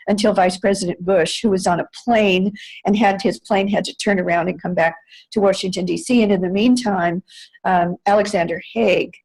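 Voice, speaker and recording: An older American woman who formerly worked at the White House gives a long, conversational account as an interview guest, stumbling over fillers and revising her words. Her voice is lowish and somewhat mellow, heard through a low-quality recording.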